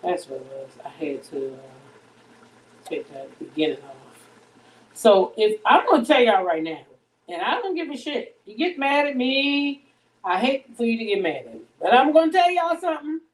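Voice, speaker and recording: A woman's voice: on the high side, sing-song, normal speed, far from the mic, a little hiss or hum, low-quality recording. Blunt, profane woman talking off-mic. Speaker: livestream host. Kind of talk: casual live-stream gossip talk. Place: home kitchen, cooking. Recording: voice a bit off-mic.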